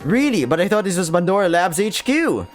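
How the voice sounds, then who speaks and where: A Filipino man reading as a polite young android man from a visual novel, curious and questioning. His voice stays near his own, fairly high, with soft game music underneath. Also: sing-song, a little fast.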